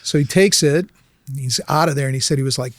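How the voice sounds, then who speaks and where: A man's voice: medium pitch, fast, no echo. A man telling an anecdote in casual talk as an interview guest, acting out the people in it. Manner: animated, acts out voices in anecdotes. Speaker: documentary filmmaker guest. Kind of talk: casual storytelling.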